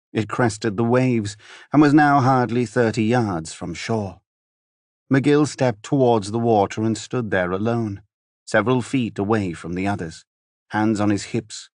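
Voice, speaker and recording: A man with a lowish voice narrates a fantasy audiobook. He keeps an even, measured storytelling pace and drops softer on quiet lines. The sound is close and dry. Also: dry recording. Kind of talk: scripted narration.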